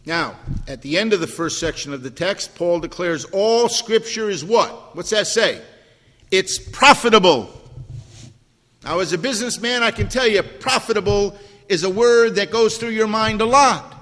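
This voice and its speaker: A man's voice: sits high, normal speed, a bit bright. An older man preaching a sermon, emphatic, repeating key words and asking the congregation questions. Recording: long hall reverb.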